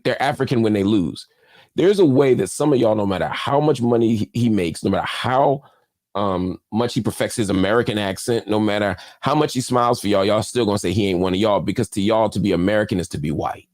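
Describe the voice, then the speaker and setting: A man hosts his own live-stream show, delivering an impassioned, emphatic commentary monologue and repeating phrases for effect. His voice is medium-pitched and darkish, with no echo.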